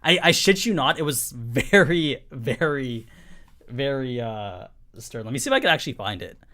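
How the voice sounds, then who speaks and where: A man's voice: medium pitch, animated, moderate pace, sharp tone. A young man hosting a casual live-stream anime review, talking in a chatty, emphatic way, full of 'like' and 'you know'.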